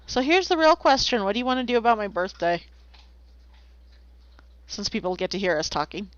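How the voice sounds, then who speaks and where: Lively playful woman streamer. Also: mid-range voice, a little fast, dry recording. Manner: playful, rambling, makes silly sounds. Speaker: streamer drawing commissions. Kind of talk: casual stream chat. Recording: slightly dull lo-fi, dry.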